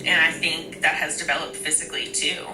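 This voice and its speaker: A woman's voice: deep voice, level tone, fairly quick, echoey room, over music, poor audio. A woman speaking in a confessional interview, emotional, hesitant and reflective. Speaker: reality show participant.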